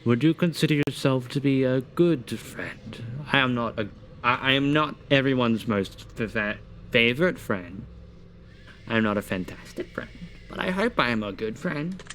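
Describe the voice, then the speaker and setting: A man's voice: mid-range voice, expressive, normal speed, a bit bright, a little hiss or hum. A man streaming live, reading quiz questions aloud and answering them in a casual, swearing way.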